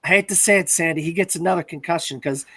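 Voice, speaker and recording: A man's voice: on the high side, fast, sharp tone, no echo. Hesitant man recapping a film. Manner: recaps scenes hesitantly with many fillers. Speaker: podcast host. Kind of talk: casual film discussion.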